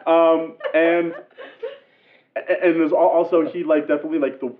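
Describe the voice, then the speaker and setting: A man's voice: on the high side, normal speed, a little hiss or hum. A man joking about his old tabletop character, laughing through his words. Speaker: tabletop game player. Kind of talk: casual group chat about a campaign. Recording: tinny, phone-like sound.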